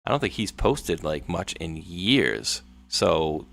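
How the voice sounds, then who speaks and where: A man's voice: sits low, sing-song, slow pace, creaky, fairly bright tone, a little hiss or hum. A man hosting a casual livestream chat, telling stories and acting out what people said. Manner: chatty, storytelling, acts out quotes. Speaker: show host.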